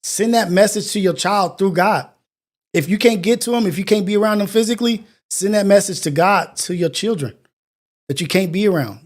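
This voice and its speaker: High-pitched dude hosting a morning show, earnest and preachy, keeps repeating himself. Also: male voice, brisk. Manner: earnest, preachy, repetitive phrasing. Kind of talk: motivational monologue.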